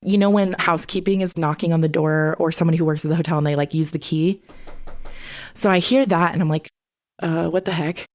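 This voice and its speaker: A woman's voice: low voice, fairly even intonation, quick pace, darkish tone. A woman podcast host telling a personal story in a candid, conversational way, swearing freely. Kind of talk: casual storytelling.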